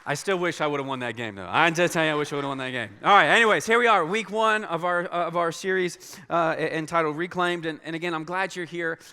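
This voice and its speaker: A man speaking as a pastor to his church in a large auditorium, earnest and halting, with many restarts. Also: fairly high pitch, sharp tone, smooth, some chatter behind. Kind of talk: church announcement and sermon. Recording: long hall reverb.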